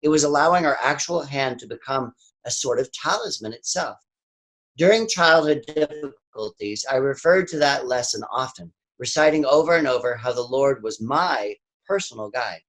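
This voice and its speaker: A man leads a spiritual reading with a calm, reflective delivery. His voice sits at an ordinary middle pitch, and he takes his time over each phrase. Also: normal speed. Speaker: service reader.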